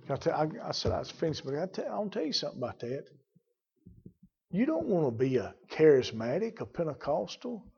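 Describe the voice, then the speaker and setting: A man preaching a sermon, fervent, rising to loud emphatic bursts. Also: on the high side, big pitch swings, a little fast, gravelly, slightly rough, lo-fi sound. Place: church.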